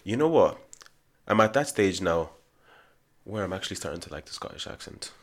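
A young man in casual podcast chat, relaxed and thoughtful, full of fillers. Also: low voice, brisk.

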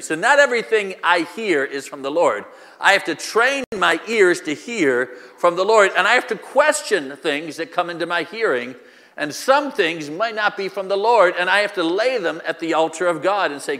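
Man, pastor, sermon, high bright voice, echoey hall reverb. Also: lively intonation, normal speed. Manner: preaching with rhetorical questions and repetition.

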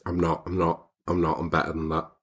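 A man's voice: sits low, completely flat delivery, brisk, breathy edge. A man co-hosting a podcast in casual chat, giggly and teasing. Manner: giggly, keeps breaking into laughter and teasing. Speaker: podcast co-host.

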